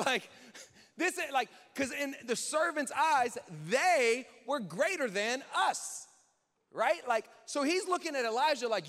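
A man preaching a sermon in a lively, conversational way, acting out quotes and joking with the church. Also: very high-pitched, slow pace. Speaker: pastor. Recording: reverberant hall.

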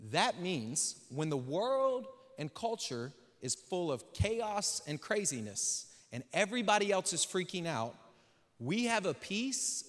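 Pastor, male, high voice, relaxed jokey sermon that ramps into fervent preaching; long church-hall reverb. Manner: joking, slangy, builds to emphatic preaching. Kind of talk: casual conversational sermon. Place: church sanctuary.

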